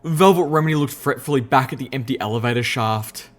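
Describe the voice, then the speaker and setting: A man giving a first-person audiobook narration in an expressive, measured storytelling voice. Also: mid-range voice.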